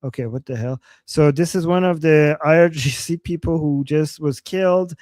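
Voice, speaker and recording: A man with a fairly high voice co-hosts a casual livestream in an animated, repetitive way. He often trips into restarts mid-sentence, and his voice sounds dry and close to the mic. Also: moderate pace, no echo. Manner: animated, repeats himself, stumbles into restarts. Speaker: livestream co-host.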